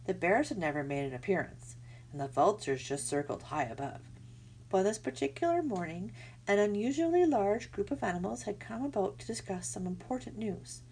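A woman narrating a children's storybook aloud in an expressive, lively way. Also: mid-range voice, moderate pace, a little hiss or hum.

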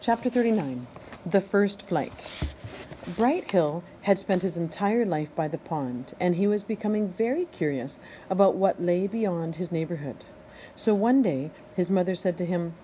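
A woman reading a children's novel aloud in a steady, expressive narration. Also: lowish voice, unhurried, a little hiss or hum, poor audio. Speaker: audiobook reader. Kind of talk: storybook read-aloud narration.

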